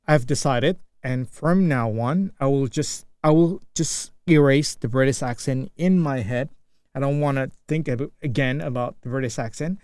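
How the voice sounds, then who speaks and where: A man's voice: mid-range voice, moderate pace, darkish tone, clean tone, dry recording. A young Indonesian man with an Indonesian accent, English not his first language, speaking unscripted practice talk full of restarts and fillers as he searches for words. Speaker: English learner.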